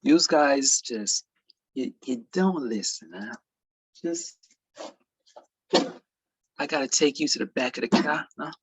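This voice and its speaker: A man's voice: mid-range voice, expressive, slow, pauses often, husky. A man putting on a menacing mafia gangster.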